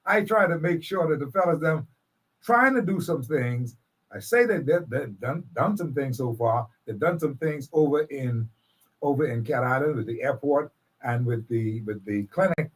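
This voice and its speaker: Hesitant Bahamian radio host, husky and distant. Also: male voice, fairly high pitch, moderate pace. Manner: hesitant, searching for words, laughing it off. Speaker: radio talk show host. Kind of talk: live call-in radio debate.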